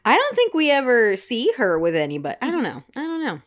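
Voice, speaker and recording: A woman's voice: on the high side, wildly swooping pitch, fast. A woman hosting a podcast, recapping a TV episode in loose, chatty talk full of fillers and swearing. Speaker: podcast host. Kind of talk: casual episode recap chat.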